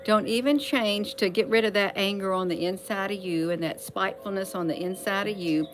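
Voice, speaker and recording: A woman's voice: mid-range voice, brisk, soft background music. A woman talking casually at home in an opinion vlog, emphatic and repeating phrases to drive her point home. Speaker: vlogger. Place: at home, indoors.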